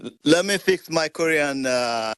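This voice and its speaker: A male caller with a slightly high voice who hesitates and stumbles over his words, restarting his sentences. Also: expressive, measured pace, a bit bright, smooth. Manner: hesitant, stammering. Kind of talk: live audio-room call.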